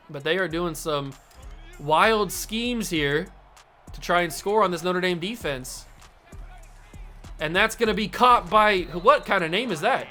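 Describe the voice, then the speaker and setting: A young man hosting a gaming channel, calling his football video game plays like an excitable, jokey sportscaster. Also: high-pitched. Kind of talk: casual play-by-play commentary while gaming. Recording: faint game music behind.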